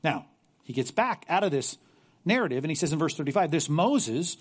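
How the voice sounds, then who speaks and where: Earnest higher-voiced male preacher. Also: very animated, a little fast, slightly rough. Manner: earnest, repeats words when stressing a point. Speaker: pastor. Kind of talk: sermon.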